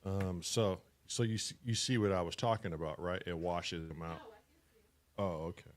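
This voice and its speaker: A man with a fairly low voice hosts a casual live stream. He jokes around loosely and swears without a second thought. He talks straight into his home streaming mic. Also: steady tone, normal speed. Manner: loose, jokey, swears freely.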